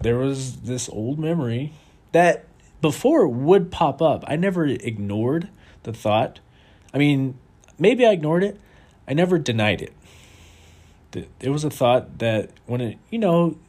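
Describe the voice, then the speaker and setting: A man's voice: medium pitch, a little mellow. A man speaking in a candid personal monologue about his own experience. He is reflective and confessional, restarts his sentences often, and swears casually. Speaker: vlogger.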